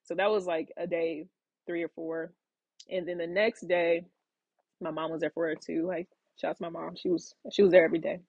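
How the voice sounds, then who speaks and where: Rambling woman podcast host, husky. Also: on the low side, level tone, a little fast, darkish tone, no room sound, highs cut off. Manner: rambling, frequent fillers and restarts, acts out quotes. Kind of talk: casual storytelling monologue.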